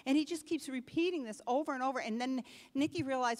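An older woman pastor preaching a sermon with animated delivery, dropping to a hush and then rising to force. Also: high-pitched, quick pace. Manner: animated preaching, swinging between hushed and forceful. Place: church sanctuary. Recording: reverberant church hall.

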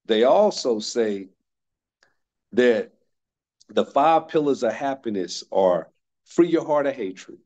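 A man's voice: mid-range voice, expressive, takes it slowly, pauses often, a little mellow, muffled recording. A man in his fifties from North Carolina gives a motivational workshop talk in a mid-range voice. He is emphatic and hammers his main points by saying them twice. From North Carolina, United States. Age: 50s. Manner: emphatic, repeats key phrases for stress. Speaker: workshop speaker.

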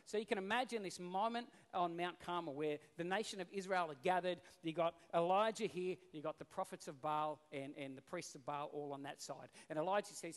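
A male pastor preaching a sermon, telling the story in an animated, casual way. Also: high voice, a little fast, few pauses. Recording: long reverb in a hall.

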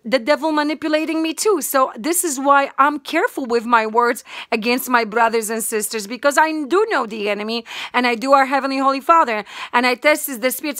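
A woman's voice: high-pitched, fairly bright tone, no echo, clean studio sound. A woman giving an impassioned religious sermon, fervent and emphatic, repeating her points. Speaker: online preacher.

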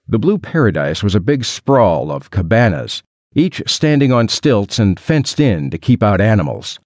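A man's voice: lowish voice, darkish tone, dry recording. A man narrating an adventure story in the first person, with a dry, wry storytelling manner. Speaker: audiobook narrator.

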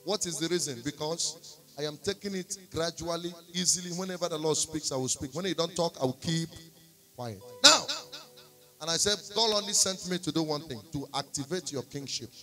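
Soft music plays under a prophet with a Nigerian accent as he preaches at a normal pace in a voice on the high side. His church sermon recounts a testimony, slips into pidgin, and climbs into shouts and song.

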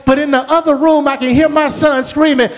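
A man's voice: extremely high pitch, little pitch movement, fairly quick. A middle-aged man preaching a storytelling sermon with a folksy, repetitive cadence. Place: church sanctuary. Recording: long church hall reverb.

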